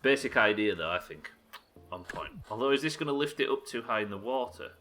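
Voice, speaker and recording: With a fairly quick, mid-range voice, a young man streams himself building in a game, commentating as he goes and joking with viewers in a lively, profane, self-deprecating manner. A little hiss or hum can be heard.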